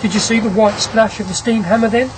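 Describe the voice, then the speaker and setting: A narrator voicing a brisk, commanding ironworks owner. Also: medium pitch, fairly even intonation, noisy background, natural voice. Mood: eager. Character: ironworks owner, a grim restless man. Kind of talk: audiobook character reading.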